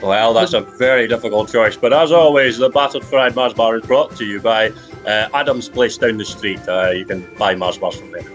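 A man with a Geordie accent hosting a comic podcast, joking around with lively, excitable banter. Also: fairly low pitch, moderate pace, soft background music. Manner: lively, jokey, swings into big excited exclamations. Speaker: podcast host.

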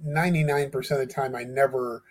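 A man's voice: mid-range voice, fairly even intonation, quick pace. A man speaking as an interview guest, talking earnestly and hesitantly with many fillers and restarts. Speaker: guest who corresponds with death row inmates. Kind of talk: casual interview talk.

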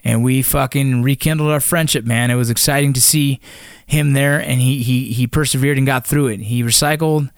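A man's voice: medium pitch, steady tone, moderate pace, hardly any pauses, dry recording, studio quality. Blunt, profane ex-Ranger man. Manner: blunt and profane, with many fillers. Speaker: former Army Ranger. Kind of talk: casual storytelling.

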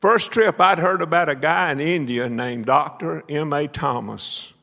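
A man preaching a sermon as a folksy, animated story, shouting praise and laughing along the way. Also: a little high, measured pace, gravelly. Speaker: preacher and minister of missions. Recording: echoey hall.

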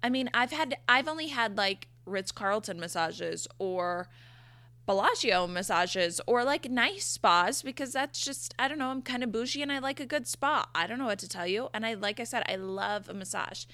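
Bright-toned exasperated young woman ranting. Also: a little high, moderate pace, no room sound. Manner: exasperated, profane, animated storytelling. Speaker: vlogger telling a story. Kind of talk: casual storytime rant.

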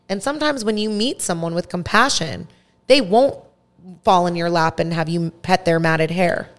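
A woman around thirty telling a story in casual podcast chat, animated and full of "like" fillers. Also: lowish voice, normal speed. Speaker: podcast host.

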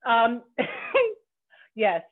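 Upbeat woman podcast host from Canada, fairly high voice, loose and joking, cheerfully profane, tinny narrow line. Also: huge pitch swings, drawn-out words. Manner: bubbly, joking, swears freely. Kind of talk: casual podcast chat. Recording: phone-like narrow band.

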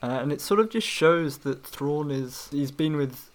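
A man co-hosting a casual book discussion, relaxed and hedging as he talks. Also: a little high, unhurried.

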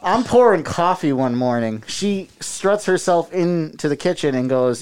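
A man in casual chat who tells a story with expressive, animated delivery. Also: a little high, measured pace, clean tone.

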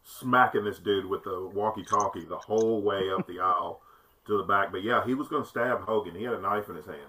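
Bright-toned man telling an anecdote. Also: on the low side, fairly quick. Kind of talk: casual chat.

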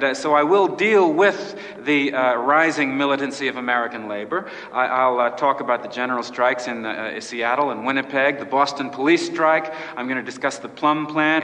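An actor playing an earnest American labor writer who stammers and repeats words hesitantly in a film scene. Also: male voice, mid-range voice, fairly quick, hardly any pauses, sharp tone, lightly acted. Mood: eager. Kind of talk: film dialogue. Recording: film sound with long reverb and faint hiss.

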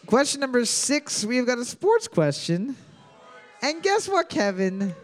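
A man hosting a trivia quiz, reading each question slowly and joking and swearing between rounds. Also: very high voice, very animated. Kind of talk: casual trivia hosting with banter.

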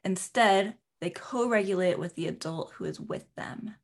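A woman's voice: medium pitch, moderate pace. A woman interviewing an author, enthusiastic and admiring as she sets up her question.

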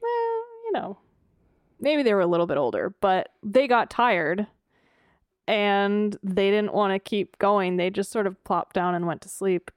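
A woman's voice: medium pitch, measured pace, smooth, no room sound, studio quality. A woman co-hosting a casual true-crime podcast, telling stories with fillers and restarts. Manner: storytelling with fillers and restarts, laughing easily. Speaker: podcast co-host.

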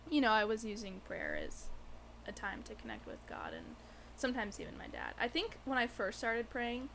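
A woman's voice: a little high, sing-song, normal speed, creaky, a bit bright, slight background noise. A woman co-hosting a podcast, chatting reflectively and laughing now and then. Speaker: podcast co-host. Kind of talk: casual chat.

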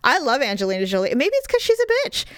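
A woman's voice: sits high, huge pitch swings, quick pace, no room sound, studio quality. A woman in her thirties, a stay-at-home mom co-hosting a casual chat podcast, blunt and profane as she tells stories and acts out quotes. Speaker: podcast co-host.

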